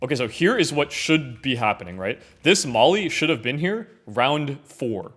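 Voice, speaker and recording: A man's voice: medium pitch, big pitch swings, moderate pace, slight background noise. Young man commenting casually on a game. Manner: casual, many fillers, often trails off quietly. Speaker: gaming content creator.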